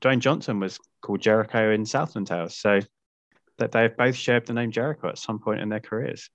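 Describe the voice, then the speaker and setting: Guest, man, lowish voice, measured and easy, dry close mic. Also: dry recording, lo-fi sound. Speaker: podcast guest. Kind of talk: casual film discussion.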